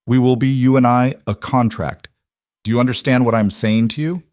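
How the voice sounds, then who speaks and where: A man reading the part of a stern king in an audiobook romance, speaking quietly and deliberately with blunt command. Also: medium pitch, fairly even intonation, no room sound, studio quality, lightly acted. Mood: cold, blunt.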